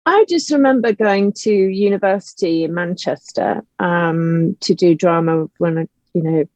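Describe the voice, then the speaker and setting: A woman's voice: fairly low pitch, moderate pace, darkish tone, dry recording, lo-fi sound. A woman from Liverpool with a toned-down Liverpool accent, chatting animatedly as an interview guest and breaking into laughter and asides. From Liverpool, England. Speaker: guest, writer and actor. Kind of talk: casual interview chat.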